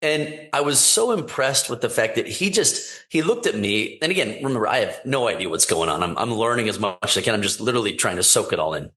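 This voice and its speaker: A man's voice: fairly low pitch, fast, hardly any pauses. A man guest on a podcast, a wine importer and company founder, telling anecdotes in casual chat and acting out what people said. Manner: animated anecdote-telling, acting out quoted dialogue. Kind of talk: casual storytelling interview.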